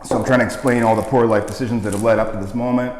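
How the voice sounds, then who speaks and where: A man's voice: medium pitch, fairly even intonation, racing, darkish tone, a little hiss or hum. A man, a guest casually telling a rambling, laughing story while eating hot wings. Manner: laughing, swearing, rambling anecdote. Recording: echoey room with long reverb.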